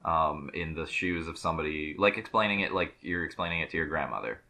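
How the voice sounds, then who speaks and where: Deep, bright-edged man joking around. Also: fast talker. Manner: joking, crude interjections. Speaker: podcast guest. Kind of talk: casual podcast chat.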